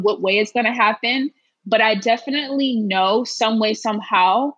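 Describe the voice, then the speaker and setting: Husky, earnest woman guest. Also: fairly high pitch, fairly bright tone, dry recording, lo-fi sound. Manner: earnest, emphatic, repeats phrases. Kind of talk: casual interview chat.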